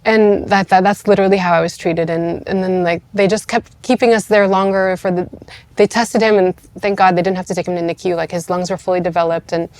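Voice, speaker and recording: Her pitch is fairly low and her delivery flat, brisk and a little mellow. She's a thirtysomething podcast guest chatting through a personal story, leaning heavily on "like" and voicing the people she quotes, and she gets tearful at points.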